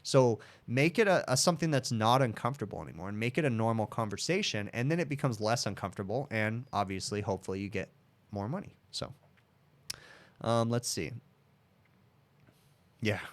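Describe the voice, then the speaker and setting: A man's voice: on the low side, lively intonation, brisk, pauses often. A man in his thirties, an HVAC technician hosting a casual livestream Q and A, answering viewer questions in a frank, chatty way. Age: 30s. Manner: frank, chatty, addresses viewers as dude and bud.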